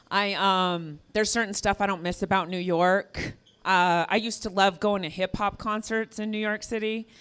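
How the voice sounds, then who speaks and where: A woman's voice: fairly high pitch, fairly bright tone. A woman from the American West doing a stand-up set on a comedy venue stage, with sarcastic, self-mocking punchlines. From American West (Arizona).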